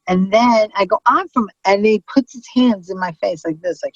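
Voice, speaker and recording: Brash, profane New comic woman, middle-aged, husky and dry-voiced. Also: medium pitch, brisk, hardly any pauses, no echo, muffled recording. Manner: brash, profane, animated storyteller. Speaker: comedian guest. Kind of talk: casual storytelling chat.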